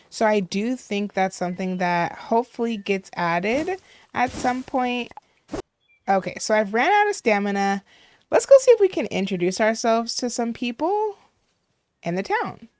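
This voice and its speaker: A woman's voice: medium pitch, no echo. A young woman hosting a gaming video, giving casual gameplay commentary, curious and cooing at cute things.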